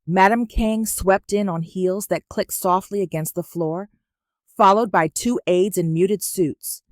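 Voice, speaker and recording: A woman narrating a romance story in a measured, even reading. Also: mid-range voice, dry recording, clean studio sound.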